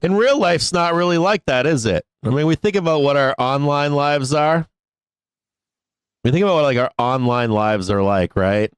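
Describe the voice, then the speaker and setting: A man with a fairly high, clean voice hosts a live stock trading stream at a moderate pace in a dry recording. He chats casually, swears a lot, laughs often, and rants.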